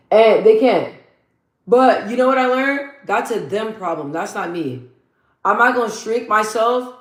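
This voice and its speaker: Chatting casually over her makeup routine, a woman vlogger uses a deep, bassy voice she calls deep for her. She's blunt and slangy and repeats phrases for emphasis in a motivational way, recorded with a roomy echo.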